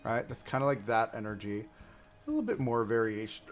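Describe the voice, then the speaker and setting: A man's voice: mid-range voice, big pitch swings, a little fast, faint music behind. A man casually talking through a theme park building game on a livestream, rambling to himself and to the objects he places. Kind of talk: casual gameplay commentary.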